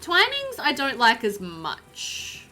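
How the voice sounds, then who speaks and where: A woman's voice: sits high, huge pitch swings, slow, pushed and bright, faint music behind. A woman streaming a life-sim game live, chatting loosely, laughing often and reading out her chat as she plays.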